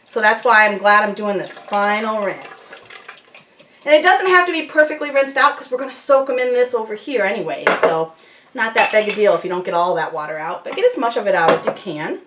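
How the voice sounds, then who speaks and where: A woman's voice: mid-range voice, expressive, a little fast, far from the mic, background noise. A woman hosting a home cooking and homesteading video, chatting casually and upbeat with self-deprecating asides as she works in her kitchen. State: slightly out of breath at times. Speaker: homesteading channel host. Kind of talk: casual how-to demonstration.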